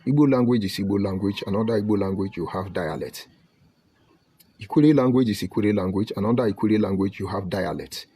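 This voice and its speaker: A Nigerian man from Delta State giving an impassioned online broadcast, preaching emphatically and swinging between loud outbursts and low murmurs. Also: a little fast, breathy edge. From Nigeria (Delta State, Ika). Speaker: online commentator.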